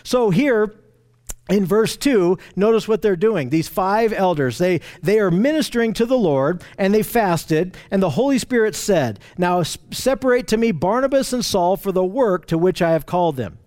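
High-voiced man teaching Bible study. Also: animated, normal speed, a little mellow. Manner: repeats and restarts phrases, stresses "notice"; asks the group questions.

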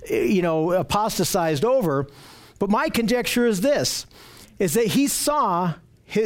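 A man preaching a sermon, teaching earnestly and emphatically, often repeating phrases for stress. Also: high voice.

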